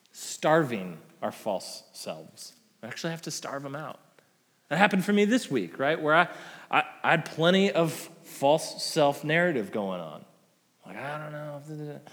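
Man preaching with loud-soft swings. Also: mid-range voice. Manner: conversational preaching with frequent "right?" tag questions; swings between loud emphatic peaks and soft dropped endings. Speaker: pastor. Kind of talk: sermon. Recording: long hall reverb.

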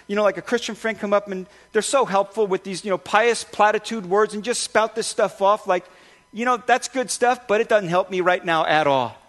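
A male pastor giving a conversational sermon, telling stories with lively restarts and asides. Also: sits high. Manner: conversational, animated storytelling with restarts. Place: church sanctuary.

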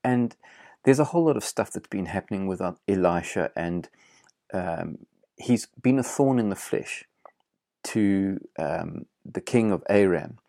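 A man preaching a sermon, earnest and emphatic, repeating phrases with pauses and fillers. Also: low-pitched, animated, creaky, dark tone, no room sound, clean studio sound.

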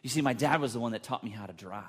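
A man's voice: medium pitch, rapid-fire, breathy edge. A man preaching a sermon as pastor, telling a personal story in an earnest way.

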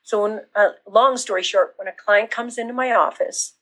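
A woman business coach talking casually in an interview, acting out excited reactions as she explains. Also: medium pitch, moderate pace, low-quality recording. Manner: animated, acts out quoted reactions.

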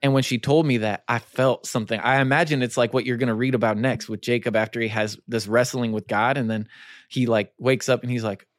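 Earnest storytelling pastor, dry close mic. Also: male voice, medium pitch, fairly even intonation, a little fast, dry recording. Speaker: pastor and podcast co-host. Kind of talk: casual faith podcast chat.

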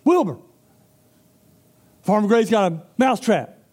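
A man's voice: high-pitched, sing-song, takes it slowly, a little mellow, breathy edge, voice pushed up, exaggerated voice. A man voicing a frantic little male farm mouse that urgently warns the other animals. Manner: urgent, pleading warnings.

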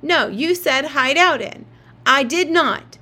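A woman reading aloud and voicing a stubborn little boy who argues back in a shrill, indignant way. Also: lively intonation, moderate pace, a bit bright. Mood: shrieking. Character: stubborn shrieking little boy, younger brother.

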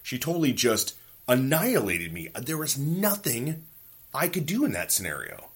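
A man's voice: mid-range voice, normal speed, husky. A man in his forties hosting a podcast, talking in a casual, profane, ranting monologue and telling stories from home. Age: 40s. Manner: profane, ranting, animated storytelling. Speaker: podcast host.

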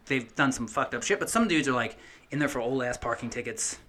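A man's voice: medium pitch, animated, brisk, bright, forceful tone. A young man casually telling a long story on a podcast, rambling and cursing, with lots of fillers and restarts.

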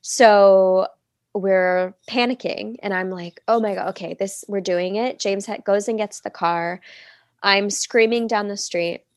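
Woman, 30s, podcast guest, chatty storyteller, mid-pitched voice, dry close recording. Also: fairly even intonation, unhurried, no echo. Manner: chatty, many "like" fillers, acts out quoted speech. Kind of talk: casual personal storytelling.

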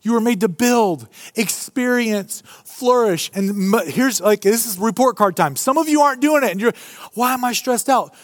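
A male pastor preaching a sermon to a live congregation, animated and humorous in a conversational way. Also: high-pitched, moderate pace, few pauses, no echo. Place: church before a live congregation.

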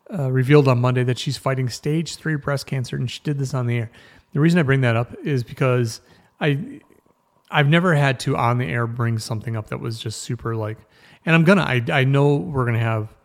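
Gravelly-voiced man chatting casually. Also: medium pitch. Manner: rambling, self-interrupting, chatty. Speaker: news podcast host. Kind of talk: casual news chat.

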